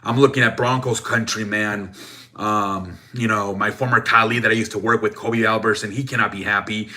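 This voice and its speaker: A man's voice: on the low side, fairly even intonation, brisk, bright, forceful tone. A young man hosting a sports show, rambling in a profane, casual rant full of restarts and "man" tags.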